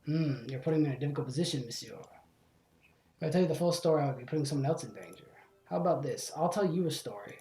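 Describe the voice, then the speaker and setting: A man voicing a sly male fox detective who poses as a prince, speaking smoothly and theatrically in a roomy room. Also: fairly high pitch, expressive, fast talker, warm tone, lightly acted. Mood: smooth evasive. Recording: roomy echo.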